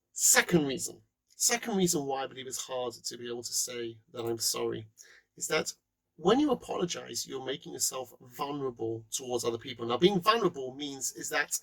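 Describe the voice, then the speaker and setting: A man giving a presentation, animated, acting out quotes and laughing now and then. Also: medium pitch, vocal fry, breathy edge, low-quality recording. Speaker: speaker. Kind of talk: presentation talk.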